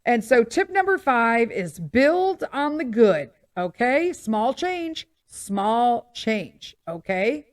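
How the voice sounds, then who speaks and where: A woman's voice: fairly high pitch, sing-song, slow, hardly any pauses, no room sound, clean studio sound. A woman hosting a podcast, chatting casually about parenting and often checking in with listeners with "okay?". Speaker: podcast host.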